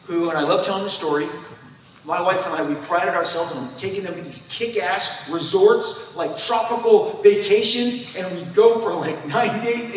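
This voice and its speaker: A man in his fifties, a comic creator speaking on a convention panel, telling animated stories and acting out voices. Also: high voice, slight background noise. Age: 50s. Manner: animated storyteller who acts out voices. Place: large convention hall. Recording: echoey hall, speaker far from mic.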